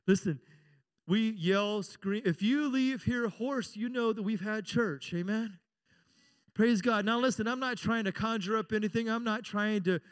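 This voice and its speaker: A male pastor preaching with playful, animated energy, breaking into shouted exclamations. His voice sits high for a man and bounces with excitement. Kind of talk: sermon.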